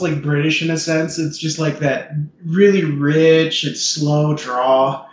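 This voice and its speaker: A man's voice: fairly high pitch, fairly even intonation, normal speed, hardly any pauses, roomy sound, lo-fi sound. A man co-hosting a podcast, joking wryly in casual movie chat. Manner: wry, joking. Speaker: podcast co-host.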